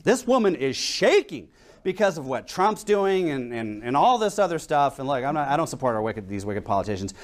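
A man's voice: medium pitch, big pitch swings, fairly quick. A young adult man preaching a sermon in a conversational way, telling stories and asking rhetorical questions.

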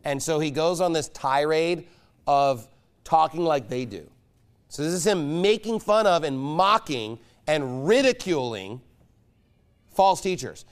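A man preaching a sermon as pastor, emphatic and mocking, pressing his points with loud insistence. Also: a little high, animated, unhurried, clear, resonant tone. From United States.

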